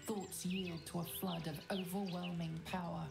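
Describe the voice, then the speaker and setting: A woman delivering scripted video game narration in a grave, measured way. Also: on the low side, little pitch movement, creaky. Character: grave female storyteller narrator. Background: game music.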